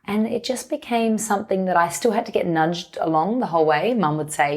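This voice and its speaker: A woman speaks as a podcast guest, her voice sitting low. She talks candidly and reflectively, letting her thoughts run on in long, unhurried stretches. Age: 30s. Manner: open, reflective, speaks in long flowing runs. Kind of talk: candid conversational interview.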